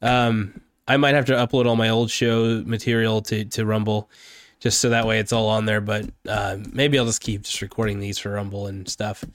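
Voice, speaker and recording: A man's voice: lowish voice, flat delivery, moderate pace, no echo. A man from Oregon giving an angry, profane, rambling political rant for his vlog, speaking close to the mic. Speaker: political vlogger.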